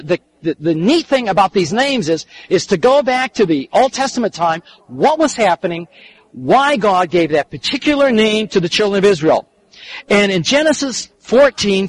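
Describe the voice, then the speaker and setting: An older man preaching a sermon and telling a story, earnest, often repeating and restarting his phrases, dropping soft and quiet in the tender parts. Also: high voice, poor audio. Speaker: preacher and counselor.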